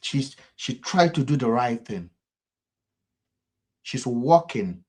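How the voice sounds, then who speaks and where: Speaking at a measured pace in an animated, mid-range voice, a man with a Nigerian accent offers passionate political commentary. He circles back to his words in a fervent rhythm, his volume swinging sharply between loud and soft.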